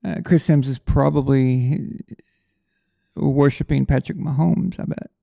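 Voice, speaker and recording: A man's voice: mid-range voice, fairly even intonation, a little slow, creaky, warm tone. A man hosting a casual livestream chat for members, rambling and thinking aloud with trailing sentences. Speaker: livestream host.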